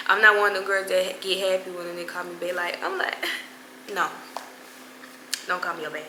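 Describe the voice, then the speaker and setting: A woman's voice: medium pitch, fairly even intonation, normal speed, pushed and bright, reverberant, slight background noise, poor audio. A young woman telling a story to her viewers in casual, slangy chat, with laughing asides. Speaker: vlogger.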